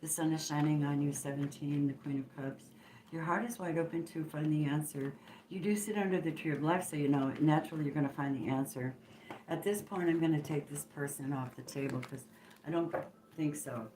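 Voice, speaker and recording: A woman with a notably low voice channels a tarot reading as it comes to her. She preaches emphatically, moving from hushed to forceful and swearing bluntly. She is recorded in a roomy, echoing space with faint noise behind her. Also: steady tone, brisk.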